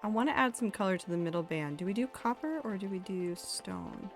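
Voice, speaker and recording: A young woman chats candidly on a live stream, casual and sweary, reading out her chat. Her voice sits at a middling pitch. Soft background music runs underneath. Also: lively intonation, a little fast. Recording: faint music behind.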